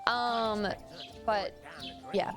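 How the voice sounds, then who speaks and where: A woman's voice: on the high side, fairly even intonation, drawn-out words, over music. An Australian woman streaming a game, chatty and giggly, talking casually over it. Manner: chatty, giggly, slips into silly voices. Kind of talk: casual gameplay commentary.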